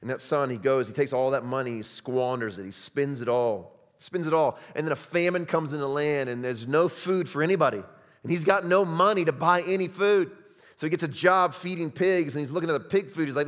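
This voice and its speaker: A man preaching a sermon as pastor, impassioned, swinging between loud urgent passages and hushed quiet ones. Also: a little high, a little fast, long reverb tail.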